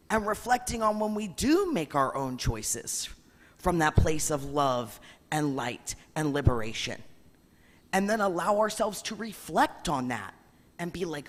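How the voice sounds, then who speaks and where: A woman rabbi giving an earnest, animated spiritual reflection, often breaking into laughter. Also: low voice, in a large hall.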